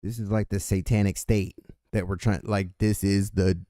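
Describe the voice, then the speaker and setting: A lowish, dark-toned male voice delivers an angry political rant at normal speed, flat in delivery and full of swearing. He's a political commentary host from California, recorded at studio quality with no echo.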